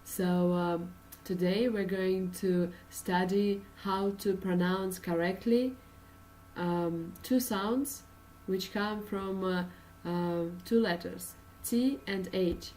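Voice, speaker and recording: A woman's voice: medium pitch, steady tone, slow, darkish tone, recorded from a distance, a little hiss or hum, poor audio. A woman from Russia with a Russian accent, teaching an English pronunciation lesson with many uh and um fillers and patient explanations.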